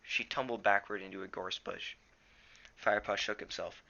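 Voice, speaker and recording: A man's voice: lowish voice, steady tone, moderate pace, creaky, sharp tone, muffled recording. A teenage boy reading a novel aloud at home, plainly, with small stumbles. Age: teens. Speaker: reader.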